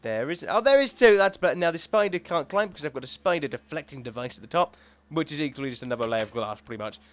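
A young man talking to himself as he plays a video game, rambling and excitable, thinking aloud as he goes. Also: on the high side, fast talker. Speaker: gaming YouTuber. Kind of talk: let's play commentary.

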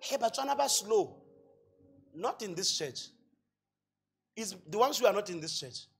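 A male pastor with a Botswana accent preaching a sermon, asking rhetorical questions and building to loud shouts. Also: sits high, lively intonation, measured pace, gravelly, husky, faint music behind. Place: church hall.

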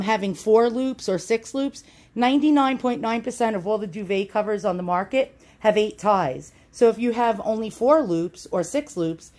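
A woman who hosts a YouTube channel talks through a home demonstration in a mid-range, slightly mellow voice, recording indoors on a phone in one hand. Casual and self-mocking, she scatters ums and uhs throughout and is occasionally breathless.

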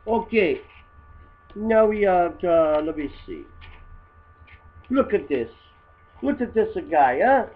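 A man doing a crude loudmouth. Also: sits high, sing-song, slow pace, long pauses, narrow, tinny audio, full character voice. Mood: mocking. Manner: crude, rambling, broken English. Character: crude, rambling immigrant guy mocking photos. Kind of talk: comedy satire monologue.

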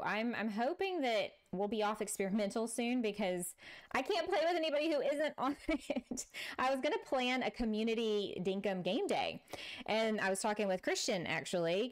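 A middle-aged Texan woman with a Texan accent streams a building game, chatting casually with her live chat and laughing a lot. Her voice is smooth and sits at a medium pitch.

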